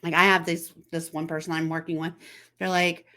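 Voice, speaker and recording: A woman's voice: fairly low pitch, flat delivery, a little fast, sharp tone. A woman hosting a casual chat to camera, talking in a conversational way, asking the viewer questions and acting out text messages in quoted voices. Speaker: host.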